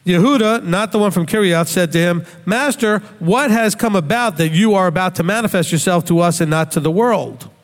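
A man's voice: sits high, brisk, hardly any pauses, in a large hall. A man giving a Bible study talk in a conversational teaching manner, tossing in rhetorical questions.

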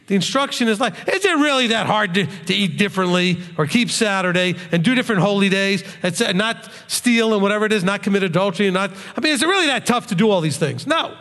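A man's voice: high-pitched, expressive, quick pace, hardly any pauses, fairly bright tone. A man preaching a sermon to his congregation as their rabbi, talking conversationally and often checking in with "okay?". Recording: long reverb of a hall.

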